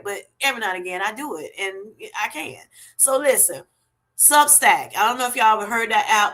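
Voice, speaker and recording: Woman, middle-aged, bright tone, casual livestream chat, friendly and rambling. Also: medium pitch. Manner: chatty and affectionate, thanks viewers by name. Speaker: livestream host.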